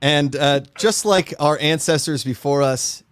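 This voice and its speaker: A man from Pennsylvania co-hosting a casual sports chat show, jokey and quick to laugh. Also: a little high, fairly bright tone, clean tone, no room sound. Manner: jokey, playful, laughs often. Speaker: co-host.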